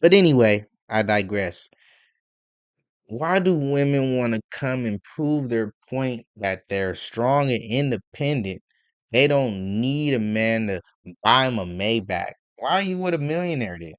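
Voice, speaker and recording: A man's voice: medium pitch, lively intonation, slow, no room sound. Dry, profane ranting man. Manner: profane, rambling, full of rhetorical questions and stammered fillers. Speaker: commentary vlogger. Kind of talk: casual ranting commentary.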